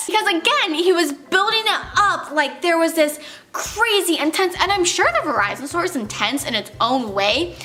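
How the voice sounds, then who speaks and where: A young woman from California in her twenties, telling an animated story on a vlog with lots of exclamations. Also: sits high, moderate pace. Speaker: vlogger.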